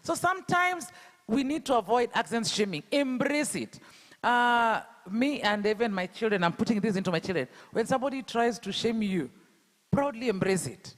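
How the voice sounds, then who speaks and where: A Kenyan man with a Luo accent speaks at a fairly high pitch, pressing his audience with rhetorical questions. His voice carries a long echo from a reverberant hall. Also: expressive, normal speed, a bit bright. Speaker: speaker at an education event. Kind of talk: public talk.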